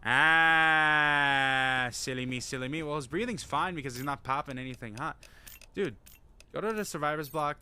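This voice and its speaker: A man streaming a video game, commenting casually, yelling and joking at the characters. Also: fairly high pitch, fairly quick. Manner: loud, excitable, yells and jokes at game characters. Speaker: gaming streamer. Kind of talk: casual let's-play commentary.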